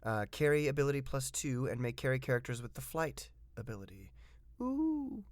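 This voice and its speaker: A man's voice: mid-range voice, brisk, no echo. Chatty man reviewing game pieces, dry sound. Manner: chatty and enthusiastic, with frequent fillers; reads game rules aloud, then comments on them. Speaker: tabletop miniatures game reviewer. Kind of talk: casual hobby review.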